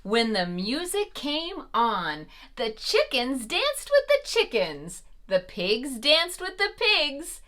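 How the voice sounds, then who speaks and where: A woman reads a picture book aloud to small children in a gentle, encouraging, sing-song way. She takes her time over each line, and her voice rises and falls a lot. Her tone is bright and clear. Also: high voice, huge pitch swings, takes it slowly, few pauses. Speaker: preschool storyteller host. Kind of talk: read-aloud for preschoolers.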